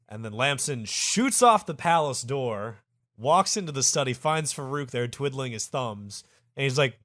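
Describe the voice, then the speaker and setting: A man hosting a comedy podcast tells a story with a profane, rambling delivery. His voice sits at a middle pitch. The sound is dry and close. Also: expressive, moderate pace, a bit bright, no room sound. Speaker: podcast host.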